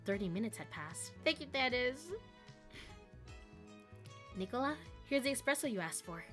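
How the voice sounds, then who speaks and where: A woman's voice: a little high, animated, normal speed, fairly bright tone, faint music behind. A woman game streamer who jokes, laughs often and reads the story text aloud.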